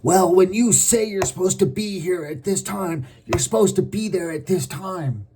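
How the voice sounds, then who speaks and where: A man voicing an irate, demanding person who asks pointed, accusing questions, raising his pitch well above his own. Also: normal speed, background noise, close to an everyday voice. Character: irate, demanding person complaining about lateness.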